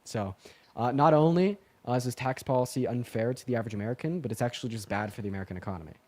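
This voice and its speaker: A young man hosting a livestream debate, talking fast and casually with many fillers. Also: mid-range voice, darkish tone.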